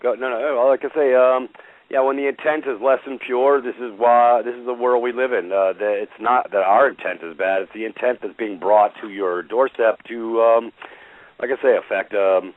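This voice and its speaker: A man's voice: mid-range voice, fairly even intonation, moderate pace, dry recording. A man hosting a casual radio chat, talking loosely and searching for words with many fillers. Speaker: radio show host. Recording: phone-line radio audio.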